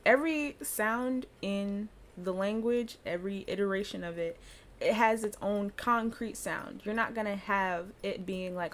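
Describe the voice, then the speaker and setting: A woman's voice: medium pitch, slight background noise. A woman giving a casual pronunciation lesson, chatty and loose, often breaking into laughter as she explains. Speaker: language teacher.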